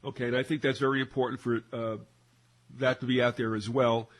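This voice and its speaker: A man's voice: medium pitch, level tone, a little fast. A man co-hosting a casual talk radio discussion, rambling with many fillers and restarts. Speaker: co-host.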